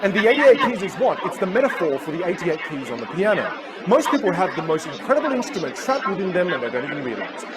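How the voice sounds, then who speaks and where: Animated male speaker over loud crowd. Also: high-pitched, fast talker. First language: Teochew. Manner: animated storyteller who acts out voices. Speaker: public speaker and communication coach. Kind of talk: keynote talk. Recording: live talk with loud crowd and noise.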